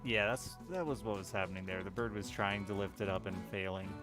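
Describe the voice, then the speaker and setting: A man's voice: fairly low pitch, fairly quick. A man streaming a game, chatting casually with wry, profane reactions. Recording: music playing behind the voice.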